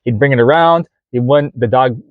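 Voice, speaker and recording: A man in his forties tells a long story to his camera, rambling and full of ums, uhs and false starts as he acts out each exchange. His voice sits at an ordinary middle pitch. The sound is dry and close, with no room echo. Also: normal speed, phone-quality sound. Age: 40s. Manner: rambling, many fillers and restarts, acts out quoted dialogue. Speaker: vlogger.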